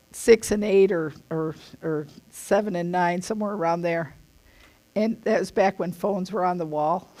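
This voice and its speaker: A woman's voice: medium pitch, darkish tone. A middle-aged woman giving a casual spoken teaching, earnest and emphatic in a conversational way.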